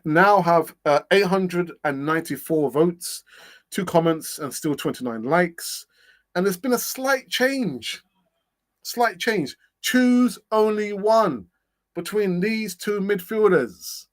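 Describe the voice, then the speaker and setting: A middle-aged man hosting a casual live stream, chatting and reading out comments, laughing often and thinking aloud with fillers. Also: medium pitch. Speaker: host of a fan channel live stream.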